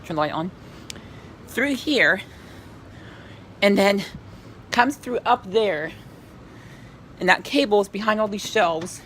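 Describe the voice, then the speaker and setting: A woman's voice: mid-range voice, animated, takes it slowly, pauses often, fairly bright tone, a little hiss or hum. A woman hosting a casual tech vlog at home, talking around a lozenge in her mouth, rambling and hesitant with many ums and restarts as she walks between rooms. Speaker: tech vlogger. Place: in a house, walking between rooms.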